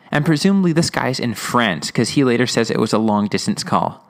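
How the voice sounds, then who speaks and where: A man's voice: mid-range voice, animated, fairly quick, creaky, few pauses. Rambling young-sounding male podcast host. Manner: rambling, laughing, many fillers. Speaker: podcast host reviewing episodes. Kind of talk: casual episode discussion.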